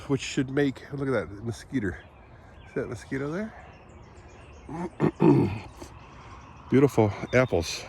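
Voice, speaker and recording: A man with a lingering cold giving a rambling, chatty outdoor walk-and-talk vlog on his farm, often clearing his throat and coughing. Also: mid-range voice, a little mellow. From Southwest Michigan. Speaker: vlogger.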